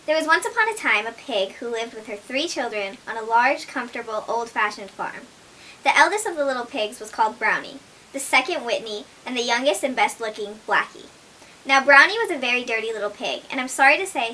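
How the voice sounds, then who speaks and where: A young woman reads a fairy tale aloud for children, lively and expressive. Her voice is bright and sits fairly high. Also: slight background noise. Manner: expressive storybook reading. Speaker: story reader. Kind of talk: reading a children's story aloud.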